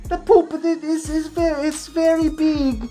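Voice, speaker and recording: A woman voicing a timid housekeeper who speaks in halting, broken English with a put-on Spanish accent, in a comedy sketch. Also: sits high, little pitch movement, dark tone, soft background music, voice pushed up. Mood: pleading. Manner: halting, repetitive broken phrases.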